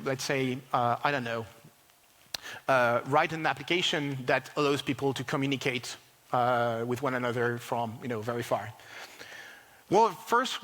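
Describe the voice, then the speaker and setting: A man giving a conference talk on software, animated and full of fillers and restarts. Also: medium pitch, big-room sound. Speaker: conference speaker. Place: large conference hall.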